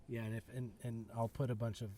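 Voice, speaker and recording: A man's voice: mid-range voice, flat delivery, quick pace, dark tone. A man hosting a podcast, talking in a reflective, earnest way with many restarts. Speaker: podcast host. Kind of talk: casual conversation. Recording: distant mic with faint noise.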